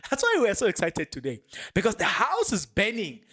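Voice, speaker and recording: A South African man hosting a podcast, commenting excitedly on a court case with frequent laughter and Zulu phrases mixed into English. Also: high voice, a little fast, breathy edge. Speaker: podcast host.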